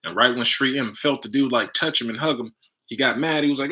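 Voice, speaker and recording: A man's voice: mid-range voice, fairly quick, bright, forceful tone. A man and spiritual teacher telling a story in loose, slangy casual talk, full of "you know" and "right?".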